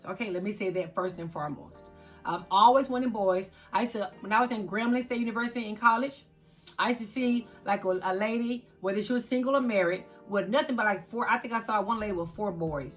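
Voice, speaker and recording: Middle-aged woman, vlog host, expressive and direct with her viewers; crisp bright voice, faint music under it. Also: mid-range voice. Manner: expressive, talks straight to viewers as "y'all". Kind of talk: emotional personal storytelling.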